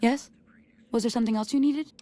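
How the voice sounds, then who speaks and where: A woman voicing a gentle army officer. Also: a little high, fairly quick, lightly acted. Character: kindly woman army officer handing out food. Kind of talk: video game dialogue.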